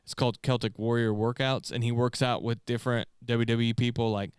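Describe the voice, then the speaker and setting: A man's voice: medium pitch, flat delivery, fairly quick, clean tone, no room sound, clean studio sound. A man co-hosting a podcast, telling long rambling stories in casual chat and swearing freely. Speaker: podcast co-host.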